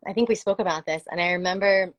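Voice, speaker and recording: A woman's voice: fairly low pitch, quick pace, no room sound, low-quality recording. A woman talking earnestly and reflectively about supporting parents, in a casual live conversation with many "like" fillers. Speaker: parenting and trauma support speaker.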